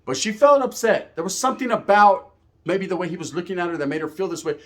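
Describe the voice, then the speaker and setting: Higher-voiced man telling street stories. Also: expressive, fast talker, a bit bright. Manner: streetwise slang, frequent "right?" tags. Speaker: YouTube storyteller. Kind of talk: casual profane storytelling to camera.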